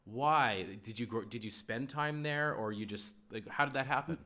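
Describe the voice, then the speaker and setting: A male host in casual interview chat, enthusiastic and quick to laugh. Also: mid-range voice, sharp tone. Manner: enthusiastic, laughs often, says "man" a lot.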